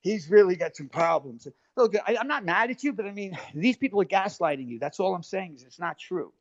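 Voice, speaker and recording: A man's voice: sits high, animated, fast talker, no room sound. A man arguing heatedly on a live stream, defensive and swearing, cutting in over others. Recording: dull lo-fi stream audio.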